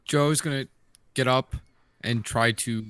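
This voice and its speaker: A man playing a tabletop game, chiming in with short, halting remarks. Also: medium pitch, fairly even intonation, a bit bright, smooth. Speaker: player.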